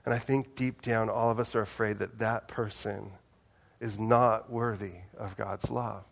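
A man giving a conversational sermon, casual and animated, with big swings in loudness and a soft, low voice when he quotes someone. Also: a little slow, creaky. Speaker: preacher.

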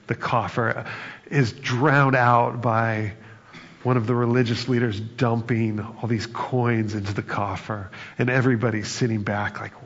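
A man's voice: lowish voice, gravelly, husky. A man delivering a sermon in a conversational way, acting out quoted lines with bursts of humor. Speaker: pastor. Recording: reverberant hall, dull sound.

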